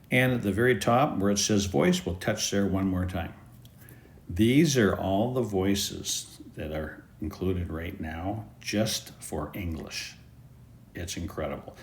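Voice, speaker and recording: A man giving an easygoing, step-by-step app tutorial. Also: lowish voice. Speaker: app presenter. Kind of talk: screen-recorded app tutorial.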